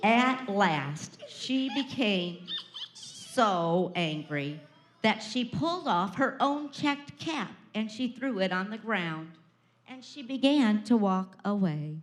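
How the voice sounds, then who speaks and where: A preschool teacher, a woman, reading a picture book aloud to children with expressive storytelling and dramatic pauses. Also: fairly high pitch. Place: preschool classroom. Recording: echoey classroom.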